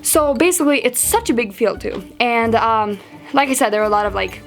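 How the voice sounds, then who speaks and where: A teenage girl telling a story to camera in a chatty, animated way, full of fillers and acted-out quotes. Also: fairly high pitch, fairly quick, faint music behind. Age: teens. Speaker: vlogger. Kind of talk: storytime vlog.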